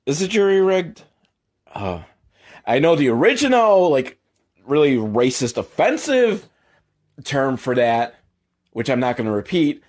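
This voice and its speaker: A man giving a crude, sarcastic comedic recap of a movie, swearing freely and jumping up in pitch for emphasis. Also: very animated, measured pace, long pauses, a little mellow. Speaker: movie commentator.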